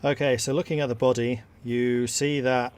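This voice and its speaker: A man narrating as game master of a tabletop game, talking in a relaxed way with many fillers. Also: mid-range voice, normal speed, smooth.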